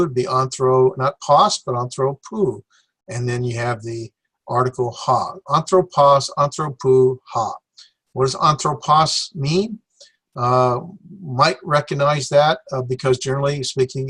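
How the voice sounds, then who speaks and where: Guy teaching greek, slow and unhurried, lots of uhs and ums, fixes his own mistakes, middle pitch. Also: a bit bright. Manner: slow, with many fillers and self-corrections. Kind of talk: classroom lecture.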